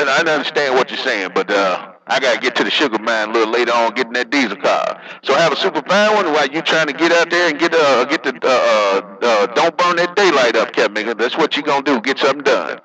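A man's voice: medium pitch, poor audio. A working man chatting casually over a CB radio, joking in loose slang and laughing often. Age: adult, working. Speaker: CB radio operator.

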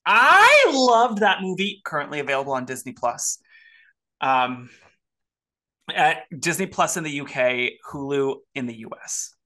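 A man's voice: mid-range voice, steady tone, moderate pace, long pauses, a bit bright. A man hosting a podcast in casual chat, rambling and exclamatory. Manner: chatty, rambling with fillers, exclamatory. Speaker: podcast host.

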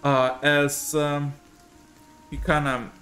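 A man's voice: on the high side, level tone, slow, bright, forceful tone, faint music behind. A man narrating as game master, hesitant with many fillers.

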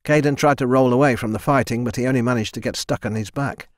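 A man's voice: mid-range voice, steady tone, fast talker, no room sound. Man narrating a fantasy audiobook, dry studio sound. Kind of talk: scripted narration.

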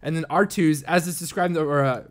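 A man's voice: fairly high pitch, normal speed. A man co-hosting a casual book club podcast, enthusiastically retelling a favourite scene. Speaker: podcast co-host.

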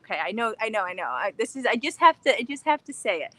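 A young woman hosting a casual craft-channel livestream from her backyard, bubbly and excited, chatting in a scattered, rambling way. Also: fairly high pitch, fast talker, no room sound. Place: backyard, outdoors.

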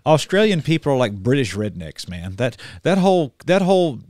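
A man's voice: medium pitch, very animated, moderate pace, darkish tone, no echo. A man giving casual, blunt commentary in a folksy way, full of restarts and fillers. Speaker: online preacher and commentator. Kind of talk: casual commentary reading news aloud.

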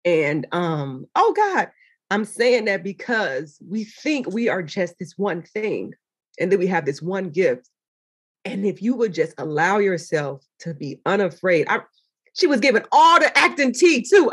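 A woman chatting as an interview guest, telling animated stories and jumping into excited, high quoted voices. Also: a little slow, husky. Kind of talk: casual interview chat.

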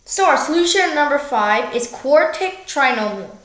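This math tutor is a young woman whose voice is high, a bit bright, and expressive. Her casual algebra walkthrough, recorded in an echoey room, is slow-paced, self-correcting, and sprinkled with jokes.

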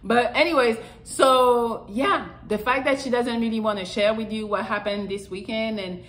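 A woman's voice: on the high side, fairly even intonation, moderate pace, a bit bright, a little hiss or hum, poor audio. A woman vlogger giving frank, profane dating advice in a loose, rambling way. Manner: blunt and profane, rambling with fillers. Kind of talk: casual talking-to-camera advice.

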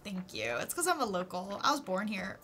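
A woman's voice: medium pitch, wildly swooping pitch, normal speed, very noisy. A woman from Texas chatting casually with her live-stream chat while playing a farming game, giggling often.

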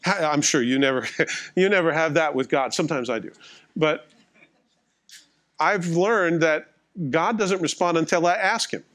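A man's voice: a little high, normal speed, long pauses, fairly bright tone. A middle-aged male pastor delivering a sermon in a conversational, wry, self-mocking way, acting out little dialogues.

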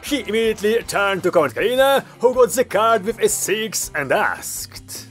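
A man narrating an audiobook with lively storytelling. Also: high voice, normal speed, few pauses, faint music behind.

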